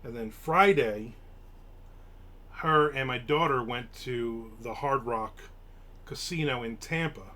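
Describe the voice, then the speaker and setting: A man's voice: medium pitch, slow, long pauses. Rambling, chatty middle-aged man. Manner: rambling, many fillers, bursts of excitement. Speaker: live stream host. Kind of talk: casual chat, reading and answering chat.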